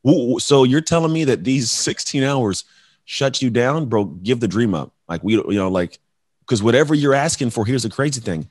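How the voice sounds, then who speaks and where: A man's voice: mid-range voice, expressive, moderate pace, darkish tone, husky, no room sound, studio quality. A man who works as a coach and speaker, talking emphatically as a guest and acting out conversations with his clients. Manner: emphatic, acts out client dialogues, calls people bro. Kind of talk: energetic motivational talk.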